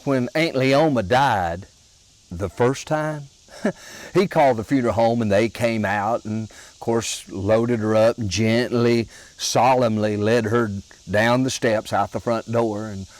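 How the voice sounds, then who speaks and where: A man telling comic family stories in a slow, folksy, drawn-out way. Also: mid-range voice, poor audio. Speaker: storyteller comedian.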